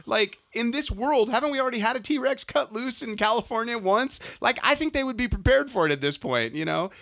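A man in casual chat, retelling a film with animated, profane mockery and laughter. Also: very high voice, fairly quick, vocal fry.

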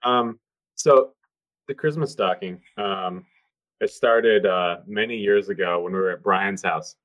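Deep-voiced man chatting loosely. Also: measured pace, a bit bright, dry recording. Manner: rambling, swears freely, many ums. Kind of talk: casual chat.

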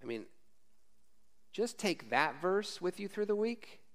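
A man's voice: high voice, very animated, unhurried. A man preaching a casual, conversational sermon as a former missionary, frank and informal, often tagging lines with "right?".

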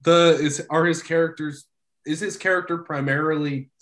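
A man's voice: fairly high pitch, fairly even intonation, normal speed. An easygoing man in casual chat with friends, hedging his words and laughing often.

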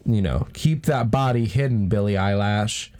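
A man's voice: fairly low pitch, normal speed, darkish tone. A man co-hosting a podcast, recapping an episode in casual chat with jokey, sarcastic asides. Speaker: podcast co-host.

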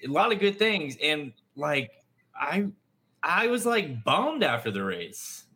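Animated, bright-voiced man ranting. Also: a little high, slow, slightly rough. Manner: animated, exasperated rambling. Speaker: podcast co-host. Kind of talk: casual chat. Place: press room at a racetrack.

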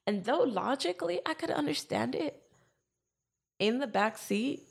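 A woman's voice: sits high, measured pace, gravelly, husky. A woman telling a personal story in casual chat, acting out what she and others said. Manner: animated retelling, acting out her own quotes.

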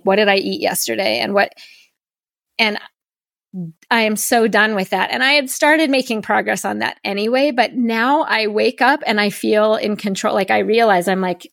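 A woman podcast host telling a candid personal story in an earnest, animated way, acting out her own inner voices. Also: mid-range voice, creaky, no echo, clean studio sound.

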